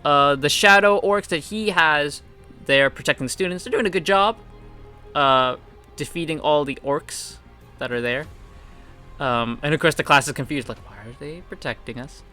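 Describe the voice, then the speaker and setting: A young man walks through comic chapters in a loose, chatty recap, dropping fillers and bouncing his pitch to act out the characters. His voice sits a little high and sounds bright and forceful. Faint music plays underneath. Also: moderate pace, clear, resonant tone. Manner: animated retelling with frequent fillers, acting out quotes in different pitches. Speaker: manhwa reviewer.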